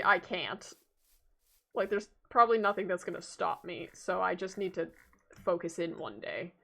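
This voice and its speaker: A woman's voice: on the low side, normal speed, vocal fry, fairly bright tone. A young Canadian woman with a Canadian accent, chatting casually to her viewers during a game stream, rambling with lots of fillers.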